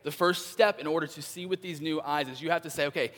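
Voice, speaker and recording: A young adult man preaching a sermon as a pastor, animated and acting out the characters he describes in quick voiced asides. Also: a little high. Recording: long hall reverb.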